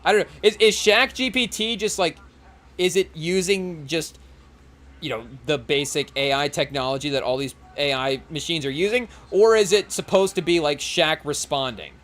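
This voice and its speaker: A man's voice: fairly high pitch, moderate pace, fairly bright tone. A young man hosting a podcast in casual chat while watching a live game, rambling and often saying "hey, yo" and addressing the chat. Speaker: podcast host.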